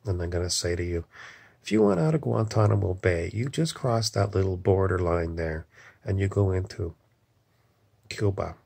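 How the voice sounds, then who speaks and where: A man's voice: low voice, lively intonation, normal speed, creaky, darkish tone, husky. A man in an angry, rambling political rant, swearing often and leaning on "you know". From Canada.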